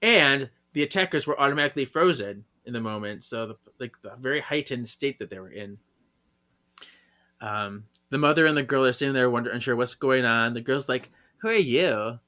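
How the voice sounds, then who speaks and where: A man co-hosting a podcast, recapping a story in casual chat, giggling often and acting out the characters' lines in quick high voices. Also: animated, sharp tone. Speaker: podcast co-host.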